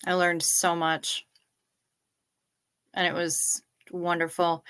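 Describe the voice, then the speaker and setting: A woman's voice: lowish voice, steady tone, measured pace, pushed and bright. A woman in young adulthood hosting a casual late-night livestream, chatting, reading out viewer comments and swearing freely. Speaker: livestream host.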